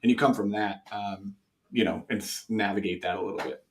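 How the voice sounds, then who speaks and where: Low-voiced man giving sales coaching. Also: fairly even intonation, a little fast, slight background noise. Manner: conversational, coaching tone with many fillers. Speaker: sales trainer guest. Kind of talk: casual chat.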